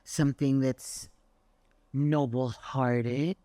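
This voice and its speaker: A woman's voice: extremely low pitch, extremely slow, no echo. Chatty older woman, dry close sound. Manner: chatty, animated storyteller with mild swearing. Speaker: Pilates instructor. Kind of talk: casual motivational talk to camera.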